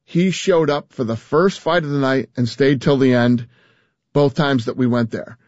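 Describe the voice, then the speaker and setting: A man's voice: mid-range voice, normal speed, a little mellow, no echo, dull audio. A man talking as an interview guest, emphatic, often restarting and repeating words. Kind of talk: casual interview talk.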